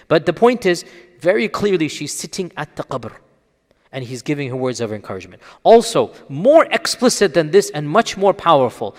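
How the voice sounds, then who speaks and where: A man with a slightly raised voice explains religious rulings as a teacher. He talks earnestly and keeps tossing out rhetorical questions and quick check-ins. The sound has a long, roomy reverb around it. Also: a little high, sing-song. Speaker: Islamic scholar answering questions.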